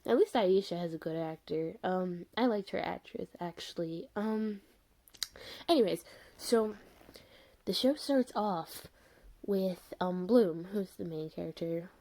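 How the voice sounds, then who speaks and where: A woman's voice: lowish voice, warm tone. A young woman ranting through a casual video review, exasperated and rambling, with lots of fillers. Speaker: vlogger reviewing a show.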